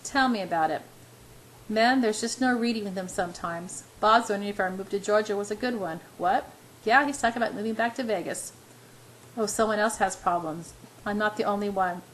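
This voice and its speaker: A woman's voice: medium pitch, a little fast, a little hiss or hum, poor audio. Woman reading a story aloud. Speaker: reader. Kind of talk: first-person story reading.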